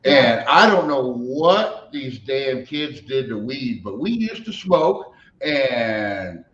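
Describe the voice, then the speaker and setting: A man's voice: mid-range voice, big pitch swings, slow, a bit bright. Wry rambling man, casual chat, dull muffled audio with light noise. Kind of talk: casual chat among friends. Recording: distant, roomy, dull sound.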